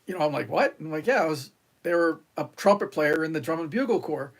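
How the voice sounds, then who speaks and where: A man's voice: on the high side, lively intonation, fast talker. A middle-aged man from New York, a retired Marine, telling stories on a podcast in a rambling way, with many fillers and restarts, and acting out the lines of others. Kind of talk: casual interview storytelling.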